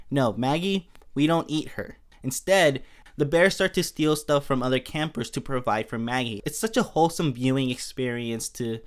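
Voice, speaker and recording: A man hosting a podcast, casually recapping a cartoon episode in a chatty, amused way and often laughing. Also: mid-range voice. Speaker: podcast host.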